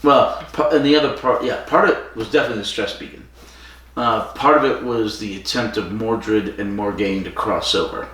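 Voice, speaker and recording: A man's voice: on the low side, normal speed, fairly bright tone. A man co-hosting a podcast, casually retelling a story with fillers and quoted lines. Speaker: podcast co-host. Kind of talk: casual chat. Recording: echoey room from far off.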